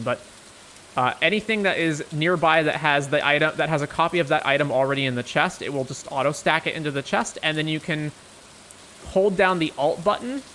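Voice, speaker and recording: Casual male game streamer, chatty explainer, a bit high-pitched, noisy background. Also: bright, forceful tone. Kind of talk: casual gameplay commentary.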